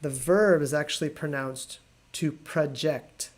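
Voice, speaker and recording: A man teaching an English lesson on a live video stream, explaining patiently and repeating words slowly. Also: on the high side, steady tone. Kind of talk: live online language lesson.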